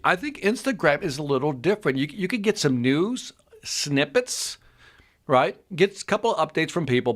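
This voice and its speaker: A man's voice: medium pitch, fairly bright tone. A man co-hosting a casual chat who reads out figures and reacts to them, repeating his words as he gets going. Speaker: co-host.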